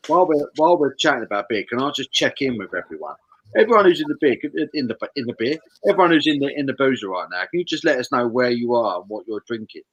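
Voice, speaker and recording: A man co-hosting a casual chat, lively and animated. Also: mid-range voice, fast, dry recording, lo-fi sound.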